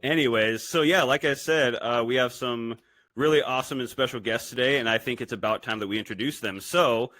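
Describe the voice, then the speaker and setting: A man's voice: medium pitch, fairly quick, pushed and bright, no room sound. A man co-hosting a podcast, speaking in a teasing, dry casual chat. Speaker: podcast co-host.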